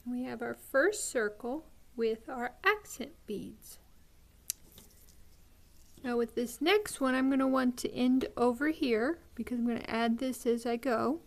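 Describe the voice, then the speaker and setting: Slow, patient woman teaching beading. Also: on the high side. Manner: slow, patient, with frequent ums and pauses. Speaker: beading tutorial host. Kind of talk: step-by-step craft tutorial.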